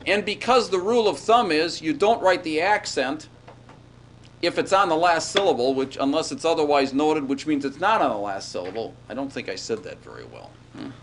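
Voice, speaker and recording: A man's voice: on the high side, animated, moderate pace. Male lecturer, chatty and digressive, classroom recording with faint background noise. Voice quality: chatty, digressive, checks in with "all right?". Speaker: Hebrew grammar lecturer.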